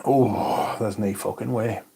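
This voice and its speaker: A man's voice: fairly low pitch, fairly even intonation, slow, vocal fry, mellow, a little hiss or hum. A man hosting a livestream, chatting casually, swearing now and then, and reading out viewer comments. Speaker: livestream host.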